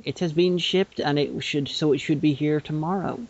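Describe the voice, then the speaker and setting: A man's voice: on the high side, normal speed, a little mellow. A man from the United Kingdom co-hosting a podcast in casual chat, hesitant and given to restarts and casual swearing. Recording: dull lo-fi podcast audio.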